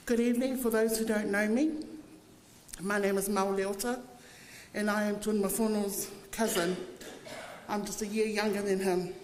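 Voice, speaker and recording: A woman's voice: mid-range voice, darkish tone. A woman tells fond, funny family stories in a funeral eulogy. Her voice sits mid-range, and it rings with a long reverb through an echoey church hall. A faint hiss runs underneath. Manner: fond, humorous storytelling.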